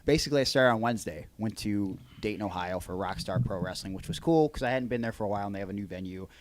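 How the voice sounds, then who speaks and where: A man hosts a podcast, telling a long story in a rambling, halting way. He stops and restarts often and fills gaps with ums. His voice sits a little low. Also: noisy background. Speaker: podcast host. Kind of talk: casual podcast chat.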